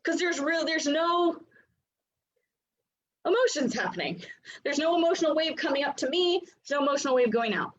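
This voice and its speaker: A high-pitched woman teaches in a loose, chatty way, sprinkling in filler likes and playful acted-out voices. The recording sounds dull and lo-fi. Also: lively intonation, moderate pace, long pauses. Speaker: human design coach. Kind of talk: casual teaching talk.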